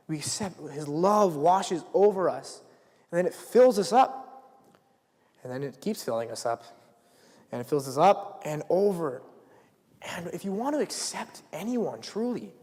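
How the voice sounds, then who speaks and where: A man's voice: sits high, a little mellow. Young man preaching in an echoing hall. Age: young adult. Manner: conversational, drops to whispers for acted quotes. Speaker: student speaker. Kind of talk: casual youth sermon. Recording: reverberant hall, live stream.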